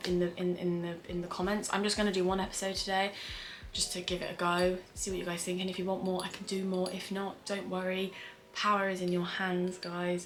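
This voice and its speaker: A young British woman, a screenwriter, chatting in a rambling casual vlog at home, full of fillers and swearing. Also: lowish voice. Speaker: screenwriter reacting to a show. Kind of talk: casual reaction vlog chat. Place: home room with windows open on a hot day.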